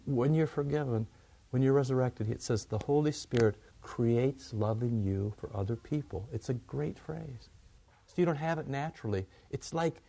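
A man's voice: fairly high pitch, creaky, a little mellow. A man preaching a sermon in a conversational way, often asking questions and answering them himself.

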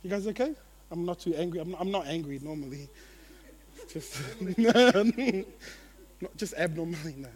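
Lively high-voiced man preaching a sermon. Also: normal speed, long pauses, a little hiss or hum. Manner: animated and playful, swinging between loud and hushed. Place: church gathering.

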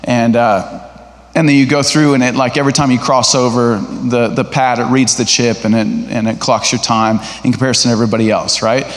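A middle-aged man preaching a sermon as a guest speaker to a church congregation. He speaks in a lively, conversational way and asks the congregation questions. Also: mid-range voice, fairly quick. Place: church sanctuary. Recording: echoey hall reverb.

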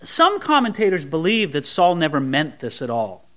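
Male pastor, expository sermon, high voice with wide swings between hushed asides and emphatic peaks. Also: huge pitch swings, moderate pace. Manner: voices imagined sweet prayers mockingly.

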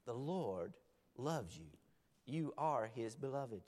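A man preaching a sermon as a pastor, moving between loud urgent pleas and hushed, pleading asides. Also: mid-range voice, expressive, measured pace. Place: church sanctuary. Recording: long reverb of a large hall.

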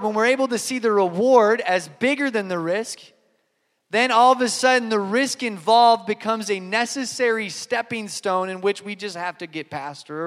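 A pastor preaches a sermon earnestly and emphatically, repeating key lines and weaving in stories. His voice sits high and is a bit bright, trailed by a long reverb tail.

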